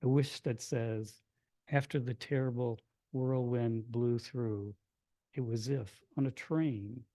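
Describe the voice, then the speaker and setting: A man from Kentucky, a poet, reading his poems aloud in a hushed, measured way, with brighter chatty asides to an audience between them. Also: mid-range voice, no room sound. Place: reading event before an audience.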